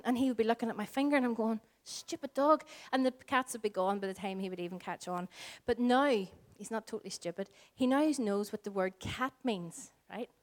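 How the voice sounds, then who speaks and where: A woman in her forties with a Northern Irish accent, preaching a sermon as pastor, earnest and shifting between slow emphatic lines and soft, hushed phrases. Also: medium pitch. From Northern Ireland. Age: 40s. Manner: earnest, varies pace, drops to soft whispers for emphasis.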